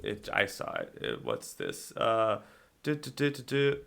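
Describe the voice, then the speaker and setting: Bright-voiced male podcast co-host, rambling. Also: on the low side, wildly swooping pitch, measured pace, gravelly. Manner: rambling, many fillers and restarts, asks questions. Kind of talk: casual movie discussion.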